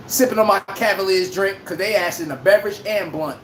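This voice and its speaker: Male livestream sports host, loud and profane, speech, echoey room, faint background noise. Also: high voice. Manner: animated, profane, trash-talking. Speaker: podcast host. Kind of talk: casual sports commentary livestream.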